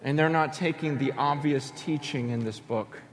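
Animated, high-voiced male preacher. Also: moderate pace, slight background noise. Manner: animated storytelling with acted-out voices and sudden shouts. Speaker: pastor. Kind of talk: sermon.

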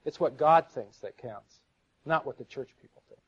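A man's voice: mid-range voice, normal speed, husky. A middle-aged man giving an earnest sermon-style talk to a live audience, telling stories and stumbling over repeated words. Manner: earnest, storytelling, repeats words when stuck. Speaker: seminar speaker. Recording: dull lo-fi live recording.

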